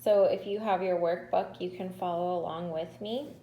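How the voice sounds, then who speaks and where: A woman's voice: fairly low pitch, steady tone, dark tone, echoey room, rough recording. A woman teaching kindergarteners in a recorded lesson, speaking patiently and stretching out syllables. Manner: slow, patient, drawn-out syllables. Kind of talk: recorded remote lesson to children.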